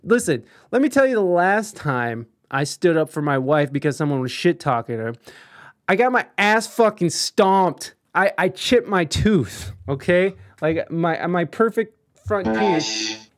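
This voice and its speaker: A man's voice: sits high, sing-song, measured pace. A young man in casual chat, telling a story with lots of swearing, restarts and self-deprecating humor.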